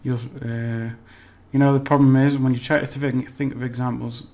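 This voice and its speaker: A man giving a relaxed, chatty language lesson, slowly repeating words for practice and laughing at his own slips. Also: medium pitch, slight background noise. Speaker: language teacher. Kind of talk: casual spoken language lesson.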